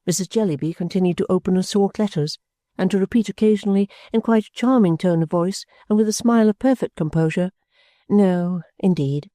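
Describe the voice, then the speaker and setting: A woman narrating a classic novel in the first person with measured, clear storytelling. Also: medium pitch, warm tone, dry recording, studio quality. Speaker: audiobook narrator.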